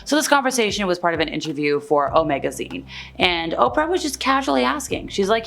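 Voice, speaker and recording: A woman's voice: lowish voice, lively intonation, fast talker, creaky, soft background music. A woman hosting an entertainment news video in a casual, conversational way, often paraphrasing people with "like". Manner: chatty, conversational, paraphrases others with "like". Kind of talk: casual celebrity gossip commentary.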